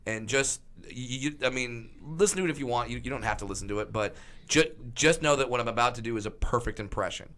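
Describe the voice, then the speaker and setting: Animated, stammering male comedian. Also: medium pitch, quick pace. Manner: animated storyteller, stammering restarts. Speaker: comedian guest. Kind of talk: casual podcast chat.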